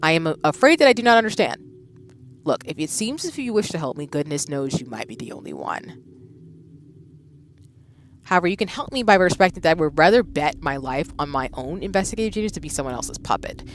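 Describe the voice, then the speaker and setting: A woman's voice: low-pitched, sing-song, fairly quick, slight background noise. A woman voicing a proud, stubborn young noblewoman villainess, reading game dialogue in a formal, self-assured manner. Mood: indignant.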